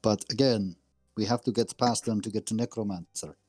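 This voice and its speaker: A man's voice: fairly low pitch, fairly even intonation, a little fast, darkish tone, soft background music. A man playing a tabletop game, often speaking his character's lines in clipped, broken English.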